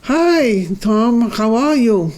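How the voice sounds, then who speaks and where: A man's voice: very high voice, expressive, very slow, darkish tone, pitched above the performer's own voice, full character voice. A man voicing an older mother firmly scolding her grown son, in a told joke.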